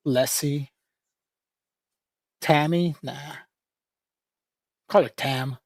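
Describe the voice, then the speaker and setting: A man's voice: on the high side, fairly even intonation, very slow, no echo, clean studio sound. A man livestreaming in a casual, rambling chat, joking with viewers, laughing often and calling people "bro".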